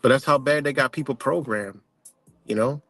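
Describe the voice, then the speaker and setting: A man's voice: mid-range voice, normal speed, a bit bright, faint music behind. Profane rambling man ranting on stream. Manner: profane, rambling storyteller with many restarts. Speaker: livestream host. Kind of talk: casual ranting livestream monologue.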